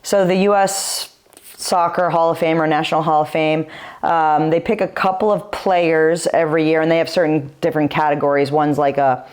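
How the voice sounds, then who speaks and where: A woman's voice: low-pitched, darkish tone, clean tone. A woman in her forties, a retired pro footballer, telling stories as a guest in a podcast interview, talking in a chatty, filler-heavy way.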